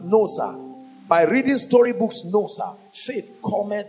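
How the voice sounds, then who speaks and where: A man's voice: high-pitched, animated, a little slow, a little mellow, faint music behind. A man with a Nigerian accent preaching a sermon from a pulpit, emphatic and full of rhetorical questions. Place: at a pulpit before a congregation.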